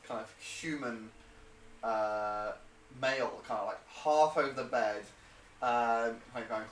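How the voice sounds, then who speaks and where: Rambling game master in an echoey room. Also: male voice, mid-range voice, steady tone, takes it slowly. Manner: rambling, hesitant with many fillers. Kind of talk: narrating a tabletop game. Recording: roomy and distant.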